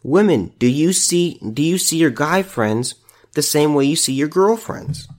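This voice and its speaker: A man's voice: fairly high pitch, lively intonation, a little slow, darkish tone. A man hosting a solo opinion podcast, ranting in exasperation and restarting his sentences. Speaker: podcast host.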